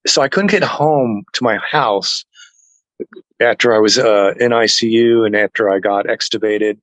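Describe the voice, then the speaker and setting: A man telling a personal story to an interviewer in a casual chat, earnest and animated, acting out what others said. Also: on the low side, measured pace, no room sound, poor audio. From family heritage is Norwegian. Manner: earnest, animated retelling that acts out other people's lines. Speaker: interview guest.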